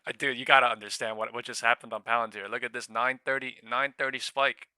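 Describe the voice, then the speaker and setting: A young man hosting a live stock trading stream, swearing freely and breaking into shouts and laughter between quick market calls on a new studio mic. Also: mid-range voice, fairly even intonation, no room sound. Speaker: day-trading livestream host. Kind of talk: excited live trading commentary.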